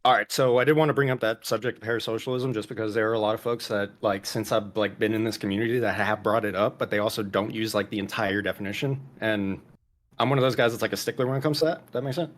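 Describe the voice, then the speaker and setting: A man's voice: on the low side, fairly even intonation, fast talker. A man calling in to a streamer's debate, talking casually in a teasing, pedantic way. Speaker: debate guest on a stream call. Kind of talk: casual argumentative chat.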